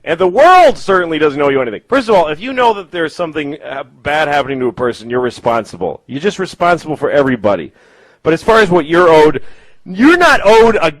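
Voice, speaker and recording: Stand-up comic man, fairly high voice with lots of swing, rambling, profane and self-mocking in a club set. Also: a bit bright, dry recording, low-quality recording. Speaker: stand-up comedian. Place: comedy club.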